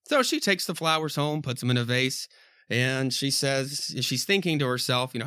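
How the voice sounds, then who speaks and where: A man's voice: mid-range voice, animated, moderate pace, bright, forceful tone, clean tone, no echo, studio quality. A man hosting a podcast, casually reading a horror comic aloud and rambling about the art. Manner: rambling, laughs at himself. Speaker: podcast host.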